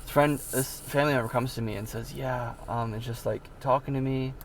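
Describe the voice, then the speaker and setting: Gravelly-voiced man rambling through a story. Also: medium pitch, fairly even intonation, brisk, a little hiss or hum. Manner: rambling, many fillers and repeats, bursts of disbelief. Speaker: vlogger telling his life story. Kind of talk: casual personal storytelling.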